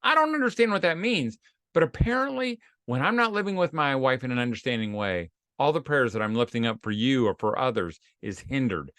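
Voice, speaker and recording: A man's voice: medium pitch, sing-song, a little fast, fairly bright tone, no echo. Folksy man sharing fatherly advice. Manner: folksy and self-deprecating, acts out quoted voices. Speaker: host of a homeschooling tips series for dads. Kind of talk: casual advice talk with personal stories.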